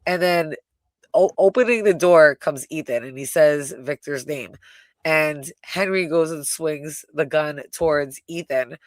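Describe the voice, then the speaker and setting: A woman co-hosting a live review, retelling scenes in an animated, casual way with frequent swearing and "right?". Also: sits low, a little slow, no room sound, clean studio sound. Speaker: co-host reviewing a TV episode. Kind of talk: casual live recap chat.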